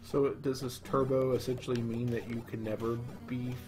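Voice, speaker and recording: A man's voice: medium pitch, little pitch movement, moderate pace, a little mellow, soft background music. A man co-hosting a podcast, casually chatting and asking short curious questions about the game. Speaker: podcast co-host. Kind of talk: casual gameplay chat.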